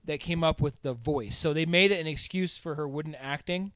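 Profane, animated man, slightly high voice. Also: a little fast. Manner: profane, animated, jumps between thoughts. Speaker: podcast host. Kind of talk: casual chat.

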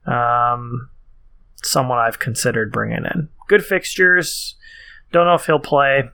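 A man co-hosting a casual podcast, easygoing and quick to laugh. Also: medium pitch, gravelly, sharp tone, clear, resonant tone. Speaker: podcast co-host.

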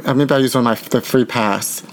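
A man hosting a casual comedy podcast, flamboyant and dramatic in his storytelling. His voice sits at an ordinary middle pitch. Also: fairly even intonation, a little fast. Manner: flamboyant, dramatic, calls people honey. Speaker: podcast host.

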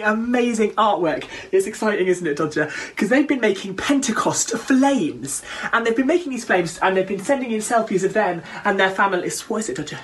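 A woman presenting a children's segment, bubbly and giggly as she talks with her puppet. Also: medium pitch.

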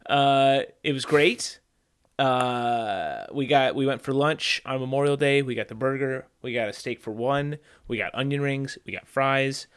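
A man's voice: mid-range voice, a little slow, a bit bright, clean tone. A man co-hosting a podcast, telling a food story with dry, joking asides. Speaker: podcast co-host. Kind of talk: casual chat.

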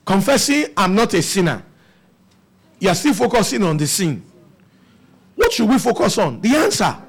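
Husky animated preacher man. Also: sits high, moderate pace. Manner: animated preaching with rhetorical questions to the congregation. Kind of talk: sermon.

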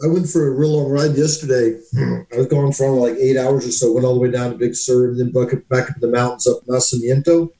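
Mellow-voiced man in an echoey room. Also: mid-range voice, fairly quick. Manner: relaxed storytelling. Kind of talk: casual chat. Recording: roomy echo.

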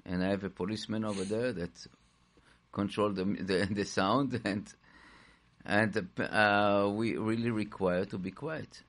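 A man talking casually as a guest, speaking haltingly with frequent restarts. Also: on the low side, fairly even intonation, a bit bright. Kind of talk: casual talk.

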